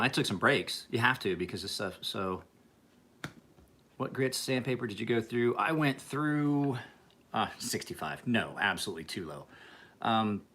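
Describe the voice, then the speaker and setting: A man's voice: lowish voice, fairly bright tone, husky. A man who sharpens and refinishes knives, chatting casually and profanely with viewers on a livestream. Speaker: knife sharpener.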